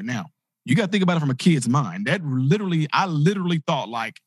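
Husky man telling a life story. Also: fairly high pitch, fast talker, dry recording, studio quality. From grew up in inner-city projects. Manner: animated, acts out quoted voices. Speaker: motivational speaker. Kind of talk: storytelling talk.

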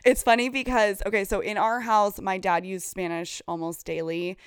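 A woman's voice: medium pitch, flat delivery, normal speed, smooth, no room sound, studio quality. A young woman hosting a casual chat podcast, upbeat and enthusiastic, laughing easily. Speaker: podcast host.

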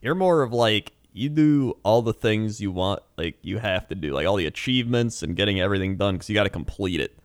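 A man's voice: on the low side, lively intonation, a little fast, hardly any pauses, dry recording, clean studio sound. A young man chatting casually about games he streams, laid-back and laughing often. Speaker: gamer and streamer. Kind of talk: casual chat.

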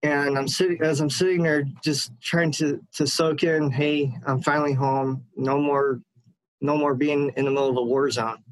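A man calling in to a radio show, telling a personal story in an earnest, halting way with frequent restarts. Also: on the high side, fairly even intonation, dry recording, low-quality recording. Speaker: caller.

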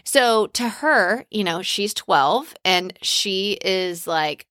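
A woman's voice: medium pitch, expressive, slow, bright, forceful tone, no room sound, studio quality. A middle-aged woman hosting a podcast, giving casual, encouraging business advice and speaking straight to her listeners. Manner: encouraging, conversational, addresses listeners as "you guys". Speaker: podcast host.

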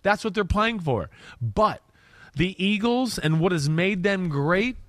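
Man, middle-aged, from New York, animated football talk, higher voice, dry close sound. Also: unhurried, dry recording. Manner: animated, shouts when reliving plays. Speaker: football analyst co-host. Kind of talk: casual sports film breakdown.

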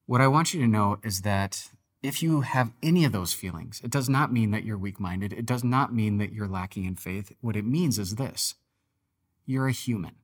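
A man's voice: lowish voice, normal speed. A man preaching a devotional sermon on a podcast, talking earnestly and conversationally, sometimes reading with dramatic emphasis. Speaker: pastor.

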